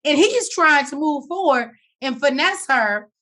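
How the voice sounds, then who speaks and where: A woman co-hosting a casual podcast, recapping a reality show with a sassy, animated manner. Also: high voice, a little slow. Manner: animated, sassy, breaks into song and laughter. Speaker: podcast co-host.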